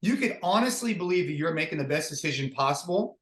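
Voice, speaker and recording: A man's voice: fairly high pitch, lively intonation, quick pace. A man hosting a casual podcast chat as a fitness business founder, upbeat and reflective, talking in loose restarts. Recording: roomy echo.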